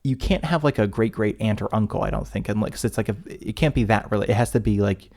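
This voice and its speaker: Speaking quickly in a slightly mellow, lowish voice, a US podcast co-host chats casually. He rambles, talks a lot, and keeps cutting himself off mid-sentence.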